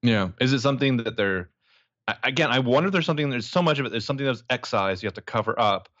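A man's voice: mid-range voice, animated, fast, a bit bright, dry recording, highs cut off. A man co-hosting a podcast, chatting casually and animatedly, joking and laughing as he talks. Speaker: podcast co-host. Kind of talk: casual chat.

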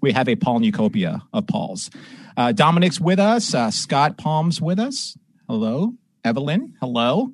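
A man's voice: mid-range voice, measured pace, no room sound. A man hosting a live podcast from home, chatting casually and telling a story with put-on voices, on a close, dry desk microphone. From Southern California. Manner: animated storyteller, puts on voices in anecdotes. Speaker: podcast host. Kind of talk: casual live-stream chat.

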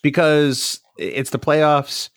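A man's voice: fairly high pitch, flat delivery, very slow, dry recording. A man from New Hampshire co-hosting a podcast with dry, joking banter. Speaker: podcast host. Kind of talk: casual chat.

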